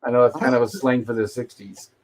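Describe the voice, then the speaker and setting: A man chats on a casual livestream, recapping scenes from an old sitcom. He slips into the characters' lines now and then as he retells them. His voice sits at a medium pitch. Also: steady tone, fast. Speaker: podcast host reviewing a classic sitcom.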